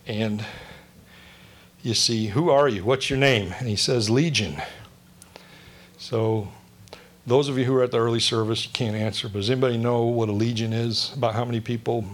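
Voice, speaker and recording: A man's voice: fairly low pitch, fairly bright tone. A male pastor giving a conversational sermon, joking and asking the congregation questions.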